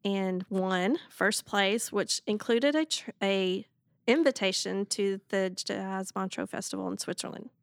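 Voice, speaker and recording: Interview guest: woman from Texas, mid-pitched, modest self-deprecating delivery, dry studio sound. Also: a little slow, no room sound. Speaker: church staff guest. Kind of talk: casual podcast interview.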